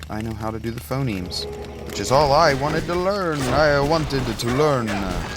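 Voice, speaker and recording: A man with a lowish voice talks through his game in a loose, joking ramble, full of ums and uhs. A steady hiss of background noise sits under his voice. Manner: rambling, joking, many filler sounds. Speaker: gaming video host. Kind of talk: casual gameplay commentary.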